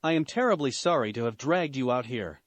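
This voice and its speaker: A man's voice: mid-range voice, animated, brisk, dry recording, close to an everyday voice. A man voicing a flustered young male employee who talks in an apologetic, exasperated way.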